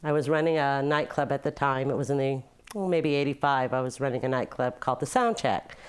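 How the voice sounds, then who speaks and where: An older woman speaking in a notably low voice, reminiscing in a documentary interview. She tells her stories with laughter breaking in, unhurried and personal. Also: smooth. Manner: warm storytelling with frequent laughs. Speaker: former nightclub owner.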